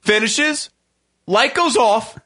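A man's voice: extremely high pitch, expressive, slow, bright, forceful tone, a little hiss or hum. A man hosting a radio talk show, telling a profane story in casual chat and acting out the quotes with laughs. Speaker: host.

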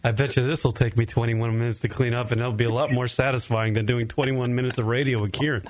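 A man's voice: medium pitch, steady tone, fast, a little hiss or hum. A young adult man co-hosting a casual radio show, teasing his co-host and laughing often.

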